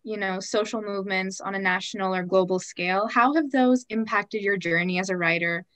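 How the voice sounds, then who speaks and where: A mid-pitched woman from the audience puts a question to the guest. She sounds polite and thoughtful. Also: steady tone, brisk, fairly bright tone.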